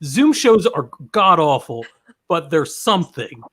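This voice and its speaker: A man's voice: a little high, big pitch swings, measured pace, a bit bright. A man co-hosting a casual comedic chat over a video call, dry and sardonic, steering the show. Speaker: co-host.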